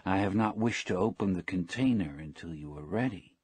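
A man reading the lines of a caring young boy who helps an old fisherman, in a calm audiobook style. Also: low voice, fairly quick, slightly rough, no echo, pitched above the performer's own voice.

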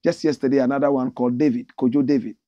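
A man with a Ghanaian accent hosting a casual livestream, animated as he reads out viewer comments. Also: medium pitch, rapid-fire, no room sound, lo-fi sound. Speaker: host.

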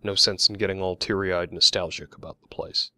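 A man doing a gruff mustached older man. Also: low voice, steady tone, brisk, pushed and bright, no echo. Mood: gruff, contemptuous. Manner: gruff, scoffing.

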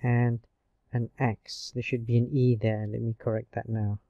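A man teaching a grammar lesson online, explaining slowly and patiently with frequent checks of "okay". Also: mid-range voice, little pitch movement, vocal fry, warm tone, no room sound, dull audio. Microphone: screencast recording mic.

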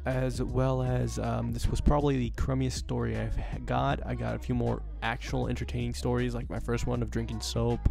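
A man's voice: medium pitch, monotone, normal speed, gravelly, few pauses, over music. A teenage boy telling a story casually to camera as a vlogger, rambling and swearing with lots of fillers.

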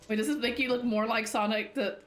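Giggly high-voiced woman streamer. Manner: giggly, laughs constantly while talking. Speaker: gaming streamer. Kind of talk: casual let's-play chat.

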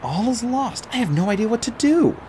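A man's voice: extremely high pitch, big pitch swings, fairly quick, background noise, voice pushed up. A man voicing a proud, anxious teenage boy genius in an audiobook reading.

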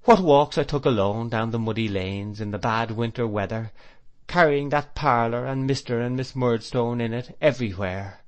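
A man narrates a classic novel for an audiobook at a medium pitch. His reading is measured and reflective, and he gives each long sentence its shape. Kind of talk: scripted literary narration.

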